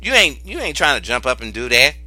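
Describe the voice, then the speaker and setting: Animated, bright-voiced man doing a tarot reading. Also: mid-range voice, a little fast, no room sound, faint music behind. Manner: animated, exclaims and repeats phrases for emphasis; informal, cusses freely. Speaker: tarot reader. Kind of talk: casual tarot reading vlog.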